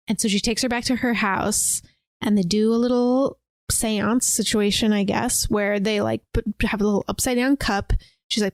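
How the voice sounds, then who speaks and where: A woman hosting a podcast, casually retelling a film in an animated way, acting out quotes and saying "like" a lot. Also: medium pitch, moderate pace, dry recording. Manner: animated, acts out quotes, lots of "like". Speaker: podcast host.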